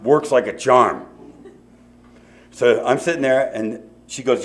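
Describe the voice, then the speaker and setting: A man's voice: mid-range voice, slow, long pauses. A middle-aged man speaking at a recovery meeting, telling his story in a loose, conversational way with many asides. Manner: conversational storytelling with asides and repeated "you know". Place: meeting hall before an audience.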